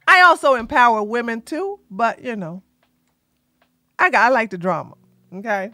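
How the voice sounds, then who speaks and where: A woman doing drama commentary in a loud, animated, sassy way, often laughing and shouting. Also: a little high, normal speed, pauses often, no room sound.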